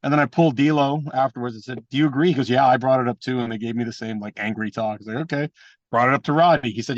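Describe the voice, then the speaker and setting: Fast-talking, blunt wrestler guest. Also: male voice, mid-range voice, no room sound, muffled recording. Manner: animated anecdotes with mimicked voices; profane and blunt. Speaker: guest, pro wrestler and trainer. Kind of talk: casual storytelling interview.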